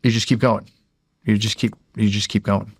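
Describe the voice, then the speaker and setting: In a relaxed interview, a former Navy SEAL from Erie, Pennsylvania, spins stories in a flat, deep, gravelly voice at normal speed. He wanders, swears a lot, keeps restarting phrases, and acts out the dialogue he quotes. His voice is recorded close and dry, with no room echo.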